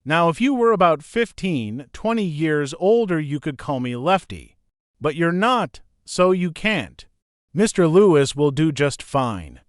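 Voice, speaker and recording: A man's voice: fairly high pitch, sing-song, a little slow, no echo, studio quality. A man voicing a kindly older man, a joking grandfather who teases easily. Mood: teasing. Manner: joking, easygoing teasing. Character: teasing older man, kind grandfather driver.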